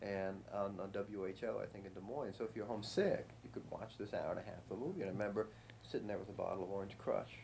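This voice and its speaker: A man, an actor and guest, telling animated anecdotes and acting out the people in them with loud, high voices. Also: fast, gravelly, a little hiss or hum.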